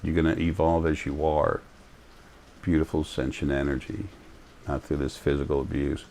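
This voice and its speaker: A man talking in a rambling, low-key spiritual monologue, full of fillers and restarts. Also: level tone, normal speed, vocal fry, dark tone, a little hiss or hum.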